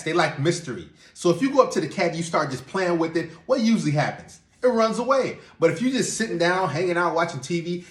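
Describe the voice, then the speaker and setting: A man lectures on dating with firm, emphatic statements, slipping into quoted inner voices. His voice sits a little high and bounces around an echoey room. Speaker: dating advice speaker. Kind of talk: lecturing advice.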